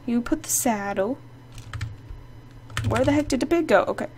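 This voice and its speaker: A woman hosting her own gaming channel, giving casual, excitable, playfully sassy commentary while she plays. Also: fairly high pitch, moderate pace, a little hiss or hum. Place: indoor home setup. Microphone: desk microphone.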